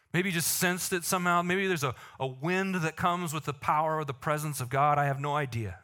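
A man preaching a sermon to a congregation, animated, with joking asides and slow, emphatic lines. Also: fairly high pitch. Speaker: pastor.

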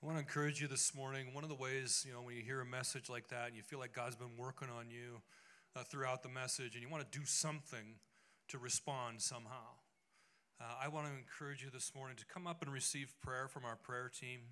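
A man's voice: mid-range voice, fairly even intonation, a little fast, pushed and bright. A man closing a church service with encouraging announcements, speaking with a few "uh"s. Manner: encouraging, with filler "uh"s. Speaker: pastor giving closing announcements.

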